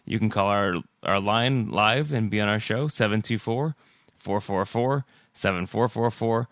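An American man hosting a podcast, talking in a relaxed way with many fillers and reading out the show's contact details. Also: on the low side, unhurried, no room sound. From United States. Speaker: podcast host. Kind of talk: casual chat and show outro.

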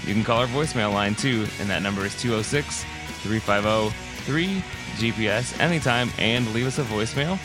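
An American man hosting a podcast, talking in a relaxed way with many fillers and reading out the show's contact details. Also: lowish voice, brisk, music in the background. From United States. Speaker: podcast host. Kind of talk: casual chat and show outro.

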